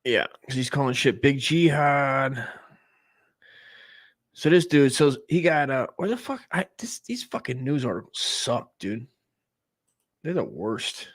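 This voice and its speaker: A man in his forties from the United States who keeps up a rambling, profane comic monologue, full of excitable restarts and tangents. His voice sits at an ordinary middle pitch for a man. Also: a little slow, long pauses. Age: 40s. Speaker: comedy stream host.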